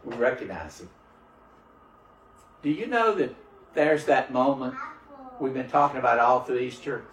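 A man's voice: mid-range voice, sing-song, moderate pace, a bit bright, a little hiss or hum. A man pastor preaching a sermon with call-and-response and fervent prayer, heard in a church. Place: church sanctuary. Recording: roomy church sound from a distant mic.

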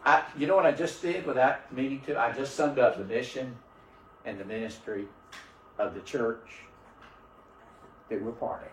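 A man's voice: mid-range voice, moderate pace, pauses often, a bit bright, a little hiss or hum. A man pastor preaching a sermon with call-and-response and fervent prayer, heard in a church. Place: church sanctuary. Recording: roomy church sound from a distant mic.

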